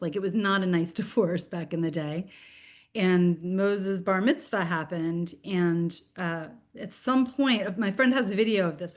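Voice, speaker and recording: A woman in her forties, a children's book author, chatting in an interview over a video call with lots of fillers and restarts. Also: fairly low pitch.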